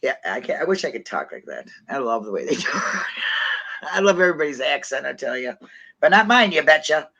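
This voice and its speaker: Bright, lively-voiced chatty woman. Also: very deep voice, fast talker, vocal fry, slightly rough, poor audio. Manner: chatty storyteller, laughs often, self-mocking. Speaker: co-host. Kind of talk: casual chat.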